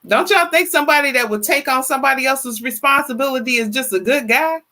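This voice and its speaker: A woman in her fifties hosting a casual livestream, chatty and lively, greeting viewers by name and often repeating herself in colloquial phrasing. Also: high-pitched, fast. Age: 50s. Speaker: livestream talk show host. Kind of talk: casual livestream chat, reading viewer comments.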